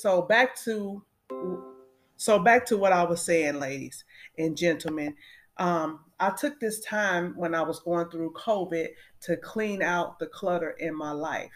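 Fifty-something woman vlogging, talks right at her viewers, lots of um and you know. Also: fairly low pitch. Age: 50s. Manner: chatty, addresses viewers directly, with frequent fillers. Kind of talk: casual talk to viewers.

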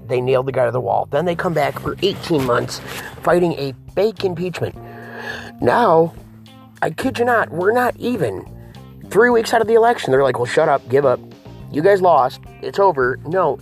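Gravelly dude hosting a political rant show, keeps saying folks, music faint in the back. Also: male voice, mid-range voice. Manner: preachy, addresses viewers as folks and guys. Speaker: political talk show host. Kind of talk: ranting political commentary.

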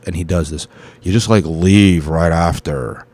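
Man, very low voice, casual podcast monologue, rambling, profane, quoting people. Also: unhurried, a little mellow, no echo. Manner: rambling, profane, quotes people in his stories. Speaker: podcast host and stand-up comic.

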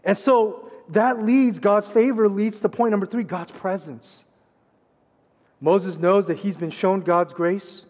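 High-voiced man preaching. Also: steady tone, slow. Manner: preaching with dramatic swings between loud and hushed. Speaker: pastor. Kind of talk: sermon. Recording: long reverb of a large hall.

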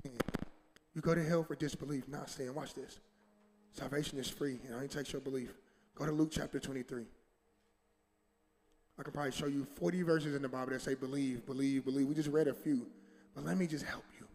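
A man's voice: mid-range voice, steady tone, fairly quick, pauses often, a little mellow, long reverb tail. A man preaching a sermon as pastor, talking straight to his congregation in casual everyday phrasing and acting out quoted voices with rising emphasis. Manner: colloquial, addresses congregation directly. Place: church sanctuary.

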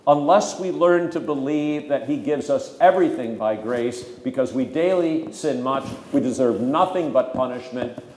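A man's voice: mid-range voice, a little mellow. A man who is a pastor teaching a catechism class, emphatic and conversational with dry humor. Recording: echoey room with faint ambient noise.

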